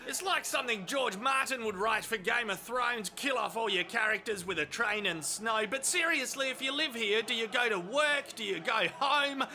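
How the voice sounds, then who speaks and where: A man's voice: high-pitched, sharp tone. A man with an Australian accent giving profane, cheeky comic voice-over commentary as host.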